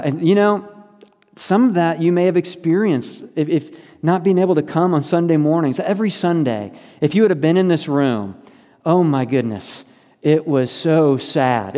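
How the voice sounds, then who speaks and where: A man's voice: on the high side, moderate pace, mellow, in a large hall. A man preaching a sermon to his congregation in a conversational, earnest way, with many fillers. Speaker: pastor. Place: church sanctuary.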